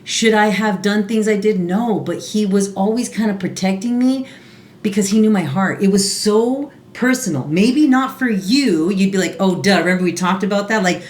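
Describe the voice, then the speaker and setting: A woman's voice: mid-range voice, moderate pace, a little mellow. A woman co-hosting a podcast, telling her own story in an earnest, confessional way with many restarts. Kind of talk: casual podcast conversation. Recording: roomy echo.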